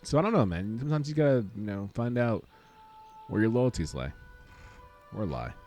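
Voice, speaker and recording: Young male streamer, low lively voice, rambling joke teller, faint game music behind. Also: moderate pace. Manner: rambling, joking storyteller. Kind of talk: casual let's-play commentary.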